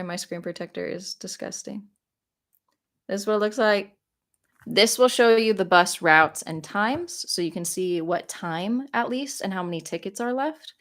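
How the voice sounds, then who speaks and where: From her phone at home in South Korea, a young woman hosts a casual live Q&A, gushing thanks and rambling through her answers. Her voice is medium-pitched and a bit bright.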